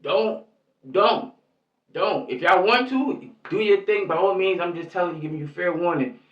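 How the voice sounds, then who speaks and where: A man's voice: high voice, fairly quick. A man giving angry, rambling vlog commentary in heavy street slang, cursing constantly. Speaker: YouTube commentator. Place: lives in New York. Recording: echoey, distant, muffled lo-fi sound.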